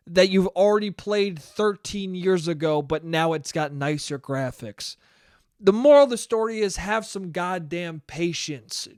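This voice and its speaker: A man's voice: high voice, clear, resonant tone, dry recording, clean studio sound. A man hosting a casual solo podcast who tells stories with heavy swearing, laughs often, and mocks himself. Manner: profane, self-mocking, laughs often. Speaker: podcast host.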